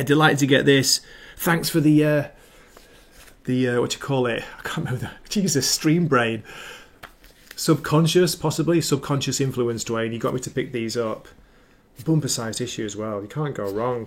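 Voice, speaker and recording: A man hosting a casual comic book livestream, chatty and enthusiastic, rambling through asides while reading viewer comments. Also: medium pitch. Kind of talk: casual chat. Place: home livestream setup with ring light.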